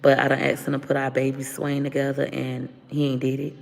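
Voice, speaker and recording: Blunt gravelly-voiced woman venting. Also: a bass voice, completely flat delivery, a little fast, in a large hall. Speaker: livestream host. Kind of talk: casual livestream talk to viewers.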